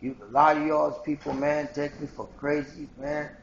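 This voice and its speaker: Gravelly man ranting in an echoey room. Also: fairly high pitch, little pitch movement, moderate pace, dull audio, slight background noise. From Haiti. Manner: rambling, confrontational, addresses viewers directly. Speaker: video blogger. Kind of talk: ranting monologue to camera.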